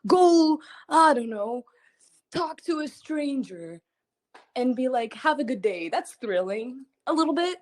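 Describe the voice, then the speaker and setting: A young woman, a singer hosting a livestream, chatting casually and telling a story in an animated, rambling way, giggling often and repeating herself. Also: high-pitched, slow pace. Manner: frequent giggling. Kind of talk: casual chat.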